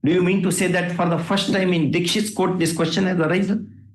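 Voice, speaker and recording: A judge with an Indian English accent lectures and scolds the lawyers with rhetorical questions. His voice sits a touch high for a man. The courtroom around him sounds roomy and echoey. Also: fairly even intonation, brisk. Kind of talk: courtroom remarks from the bench.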